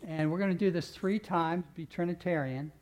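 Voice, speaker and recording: Fervent man preaching, fairly high voice. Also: moderate pace. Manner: builds to loud fervent call-and-response, then earnest prayer. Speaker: pastor. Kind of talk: sermon with congregational response and prayer.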